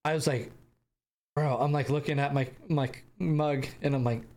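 A man's voice: on the high side, steady tone, normal speed, a little mellow, a little hiss or hum. A young American man hosting a podcast, telling a travel story casually with rambling restarts and bursts of laughter. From United States. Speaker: podcast host.

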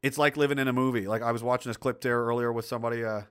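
A man's voice: mid-range voice, fairly even intonation, racing, a bit bright, clear, resonant tone. A middle-aged man hosting a livestream who reads viewer chat aloud and rants bluntly and profanely, with lots of rambling restarts. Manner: blunt and profane, heated outbursts. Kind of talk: casual ranting commentary.

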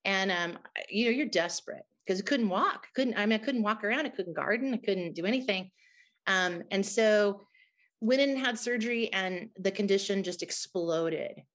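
A woman's voice: medium pitch, normal speed. A middle-aged woman, a guest in an interview, telling a personal testimony in an earnest, emotional way.

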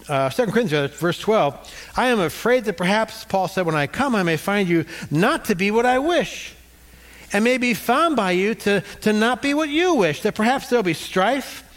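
A middle-aged male pastor preaching a sermon, leading the congregation in call-and-response. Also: high voice.

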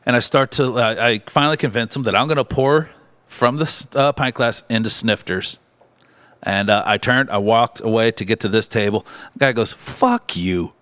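A man with a Midwestern American accent, a bar owner telling a story in casual podcast chat, animated and swearing freely. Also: mid-range voice, normal speed, clean tone.

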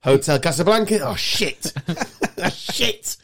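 A man's voice: a little high, lively intonation, slow pace, fairly bright tone. A man hosting a podcast, swearing, mocking and laughing in casual banter. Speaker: podcast host.

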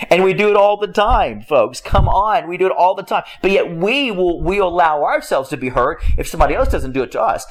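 A man's voice: sits high, lively intonation, moderate pace. A man preaching a conversational sermon, emphatic and repetitive, often breaking off with a rhetorical "hello?" and chuckling as he talks. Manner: chuckles while speaking.

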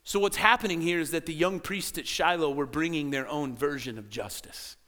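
A man preaching a sermon as pastor in a church, animated and acting out quoted voices. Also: a little high, normal speed. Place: church sanctuary.

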